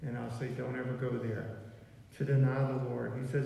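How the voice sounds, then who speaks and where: A man's voice: medium pitch, flat delivery, moderate pace, vocal fry, warm tone, slight background noise. A man preaching a sermon in a folksy, conversational way, with "okay" and "y'all" sprinkled in. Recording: far from mic in an echoey hall.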